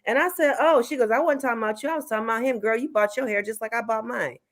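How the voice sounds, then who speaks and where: A woman's voice: a little high, rapid-fire. A woman telling a story animatedly in casual talk-show chat, acting out what people said. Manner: animated storyteller, acts out quotes.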